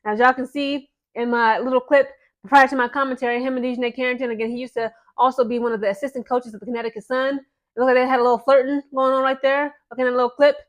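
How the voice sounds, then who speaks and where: A woman's voice: high voice, little pitch movement, quick pace. A woman hosting her own channel, giving casual, chatty commentary to the camera and often checking in with her viewers. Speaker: channel host.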